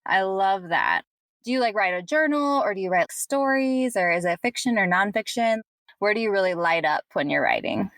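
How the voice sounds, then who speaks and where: A woman's voice: medium pitch, expressive, moderate pace, fairly bright tone, no echo. Chatty upbeat woman podcast host. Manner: chatty, upbeat, laughs often. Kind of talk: podcast interview.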